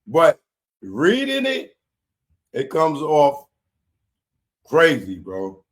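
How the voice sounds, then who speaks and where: A man, hosting a live commentary show in a casual, animated way that keeps repeating his points. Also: on the high side, extremely slow. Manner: animated, laughing, repeats himself.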